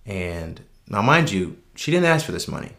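A man casually telling a personal anecdote, relaxed and unscripted, with frequent ums and restarts, earnest and reflective. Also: fairly low pitch, moderate pace, creaky. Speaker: storyteller.

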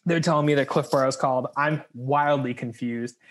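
A young man co-hosting a podcast, telling a work story in casual chat, animated and laughing, acting out the voices of the people in it. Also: medium pitch, normal speed. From United States. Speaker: podcast co-host.

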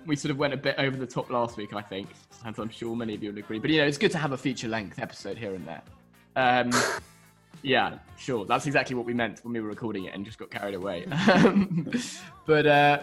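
A man's voice: medium pitch, fairly quick, faint music behind. A man co-hosting a podcast in casual chat, rambling and self-mocking with frequent laughs. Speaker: podcast co-host.

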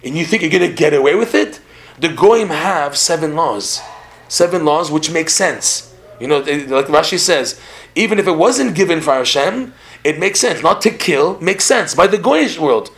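Animated man teaching on a podcast. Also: on the high side, normal speed. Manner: animated, repeats words, laughs while telling stories. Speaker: religious teacher. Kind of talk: podcast lecture in conversation.

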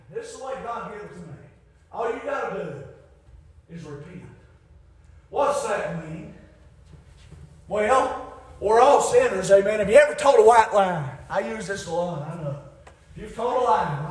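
A man preaching a fiery revival sermon, shouting at his peaks, then dropping low for emphasis, with folksy grammar. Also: lively intonation, a little slow. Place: church. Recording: very echoey church hall.

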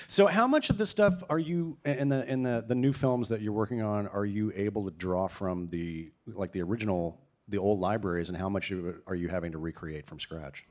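A man's voice: fairly low pitch, normal speed. A man moderating a live panel, asking conversational questions of the guests.

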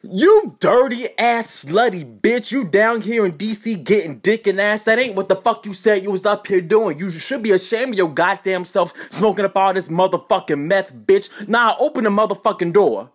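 A man's voice: sits high, normal speed, hardly any pauses. A woman acting out a furious male roommate who scolds and cusses through a hotel door. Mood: furious scolding. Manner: cussing, scolding.

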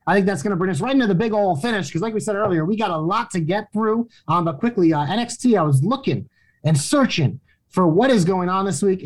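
A man's voice: sits high, a little mellow. A man hosting a wrestling podcast, loose and casual, swearing and running through plugs.

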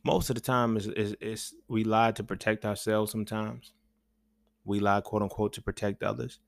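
A man's voice: on the low side, flat delivery, normal speed, vocal fry, no echo. Rambling, profane man with a dry sound. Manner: repeats "you feel me". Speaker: podcast host. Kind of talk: casual monologue.

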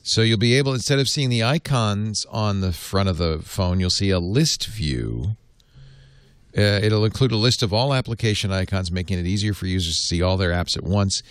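A man's voice: fairly low pitch, lively intonation, normal speed, dry recording. A man hosting a casual tech podcast, rambling, laughing and reading items from his notes on a close mic. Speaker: podcast host.

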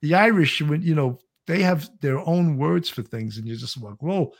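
A man's voice: a little high, expressive, normal speed, gravelly. A man, co-hosting a casual live-stream chat and reading out viewer comments. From Brooklyn, New York. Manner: chatty, reads viewer comments aloud. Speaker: co-host.

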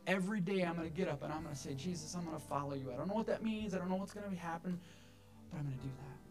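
Male pastor, earnest sermon, slightly high voice, faint music bed. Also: rapid-fire. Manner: earnest, repeats words when stressing. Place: church sanctuary.

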